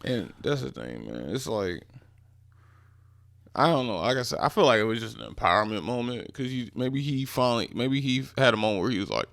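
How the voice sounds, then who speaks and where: A man's voice: medium pitch, sing-song, a little fast, creaky, fairly bright tone, dry recording, studio quality. A man co-hosting a podcast in casual chat, laid-back and trailing off often. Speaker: podcast co-host.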